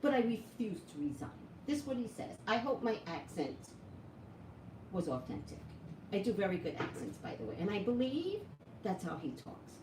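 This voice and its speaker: Woman psychic vlogger, lively chatty delivery; roomy, distant, noisy home recording. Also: medium pitch, normal speed. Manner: chatty, animated, asks viewers questions. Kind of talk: casual talk to viewers. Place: home room with an open door. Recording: echoey room, voice from off-mic, noisy background.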